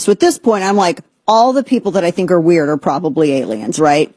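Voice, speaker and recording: Sarcastic, animated woman host. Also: fairly low pitch, brisk, husky, no echo. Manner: animated, sarcastic, often putting on an excited squeal. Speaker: commentary show host. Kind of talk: casual political commentary.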